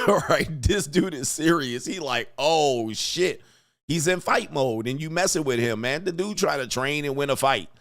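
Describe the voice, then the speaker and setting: A man hosting a commentary vlog, talking in a profane, animated way and acting out quotes. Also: on the high side, normal speed. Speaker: host.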